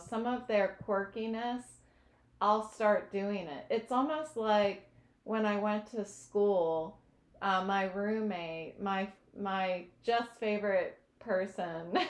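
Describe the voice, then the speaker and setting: Appearing as an interview guest, a woman tells her recovery story in a slow, earnest, reflective way, pausing now and then to find the right words. Her voice sits at a medium pitch and echoes around a roomy space.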